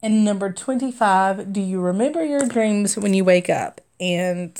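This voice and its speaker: A woman's voice: mid-range voice, a little slow, hardly any pauses, a little mellow. A young adult woman hosting a craft livestream, chatting casually and rambling through stories with frequent laughter and fillers. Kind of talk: casual storytelling chat while stitching.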